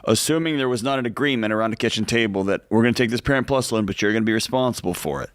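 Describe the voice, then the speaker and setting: A man's voice: medium pitch, lively intonation, racing, few pauses, no echo, studio quality. A man co-hosting a call-in advice show, earnest and explanatory, repeating points for emphasis. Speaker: co-host.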